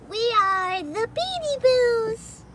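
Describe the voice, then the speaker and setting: Give me a tiny, very high alien creature that talks slowly, voiced by a woman. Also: big pitch swings, a loud crowd, full character voice. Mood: solemn. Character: small cute alien creature minion, male or female.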